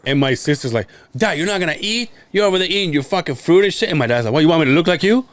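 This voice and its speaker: A man's voice: on the high side, expressive, rapid-fire. A young man from Mexico on a podcast, telling stories in casual chat, laughing often and acting out the voices of the people he quotes. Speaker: podcast co-host.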